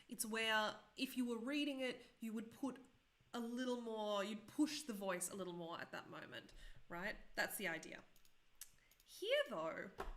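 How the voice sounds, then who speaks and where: A woman's voice: medium pitch, pushed and bright. A woman in her thirties teaching a live-streamed coding tutorial, chatty and self-deprecating, often asking viewers questions.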